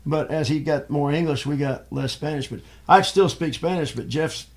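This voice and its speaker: An older man talks in an easy, rambling way and keeps restarting his sentences. His voice is gravelly, with a lot of fry in it. He is a guest on a relaxed podcast. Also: a little high, moderate pace. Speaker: guest, father of the host. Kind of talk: casual chat.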